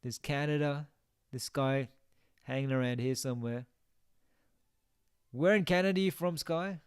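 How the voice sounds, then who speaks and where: A man's voice: mid-range voice, moderate pace, clean tone, dry recording, studio quality. A young man chatting casually on a game live stream, reading out viewer comments and musing aloud.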